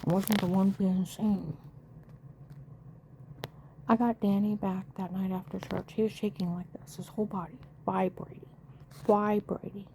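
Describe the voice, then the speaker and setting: A woman's voice: medium pitch, steady tone, measured pace, long pauses, warm tone, a little hiss or hum. A middle-aged woman emotionally retelling a frightening family story, acting out the dialogue of the people involved. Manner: emotional, breathless retelling with frequent quoted dialogue. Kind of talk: personal testimony.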